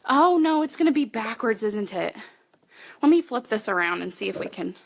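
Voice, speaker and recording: A woman's voice: on the high side, animated, normal speed, vocal fry. A woman in her thirties running a live online training from her home office as a business coach, chatty and upbeat, talking straight to her viewers. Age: 30s.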